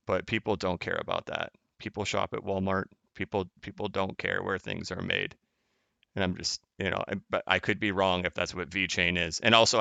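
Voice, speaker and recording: A man's voice: sits low, gravelly, bright, forceful tone, clean tone, dry recording. A man hosting a crypto live stream, chatting casually as he reads viewer comments, rambling and correcting himself, often laughing.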